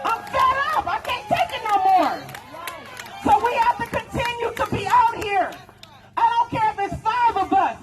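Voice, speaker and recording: A woman giving a defiant, impassioned speech at an outdoor protest, shouting her demands. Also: extremely high pitch, moderate pace, rough recording. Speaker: protest speaker. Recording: outdoor rally with loud crowd and music.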